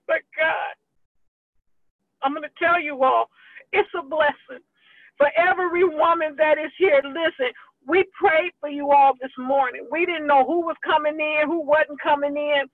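A woman's voice: sits high, no room sound. A woman ministry leader giving a fervent, emotional online church address to her group, talking folksy and direct. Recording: dry, tinny phone-like line.

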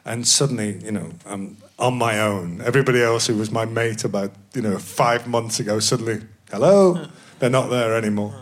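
A man's voice: lowish voice, a little fast, hardly any pauses. A man, an actor guest, telling rambling, self-mocking anecdotes in a casual chat with many restarts. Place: live podcast stage.

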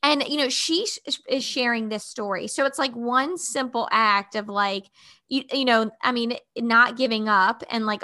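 A woman host with a fairly high, bright voice, gushing with praise for her guest. She talks in loose casual chat, peppered with "like" and quick restarts. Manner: effusive, gushing praise, lots of "like".

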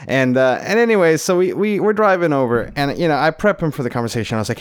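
A young adult man from Florida telling a comic story, animated and profane, laughing often. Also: fairly high pitch, quick pace, few pauses, clean tone. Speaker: comedian. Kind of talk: comedic storytelling.

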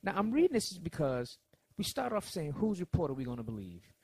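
A man preaching a sermon, swinging between soft lines and loud ones as he acts out quotes. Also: on the high side, sing-song, a little fast.

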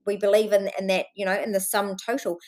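A woman's voice: mid-range voice, level tone, fairly quick. Impassioned New Zealand woman podcasting solo. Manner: impassioned and earnest, swears freely, addresses listeners fondly. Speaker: podcast host.

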